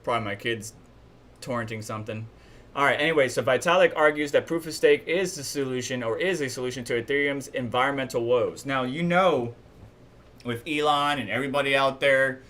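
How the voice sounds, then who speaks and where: A man hosts a live stream from a home setup, running through the news in a loose, conversational way. His voice sits at a middle pitch, and he talks bluntly, griping openly as he goes. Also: fairly bright tone. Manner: chatty and blunt, complains openly.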